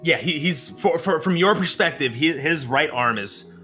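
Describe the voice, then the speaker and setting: Bright, rambling young male game master. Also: fairly high pitch, animated, moderate pace, soft background music. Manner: rambling, filler-heavy narration with frequent laughs. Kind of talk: narrating a tabletop game.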